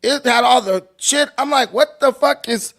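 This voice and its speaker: Speaking at a moderate pace with a very high, fairly bright voice, this Long Beach, California man spins casual, profane tales on his livestream. He's a loose storyteller who laughs as he goes.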